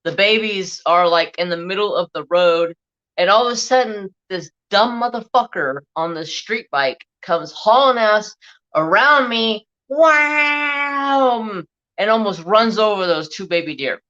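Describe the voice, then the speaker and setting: A man chats casually on his craft livestream, telling a rambling story with plenty of swearing and animation. His voice is bright and sharp. The stream audio sounds dull and lo-fi. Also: sits high, measured pace. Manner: animated, profane, rambling anecdote.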